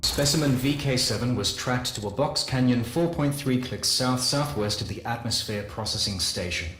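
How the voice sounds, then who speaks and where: A man giving a dramatic first-person lore reading, measured and solemn, with slow deliberate pauses. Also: medium pitch, a bit bright. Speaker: lore narrator. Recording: roomy echo with faint hiss.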